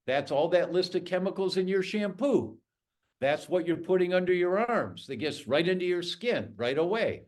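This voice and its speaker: Male podcast guest, middle-aged doctor, emphatic storyteller with a lively, swinging pitch. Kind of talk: podcast interview.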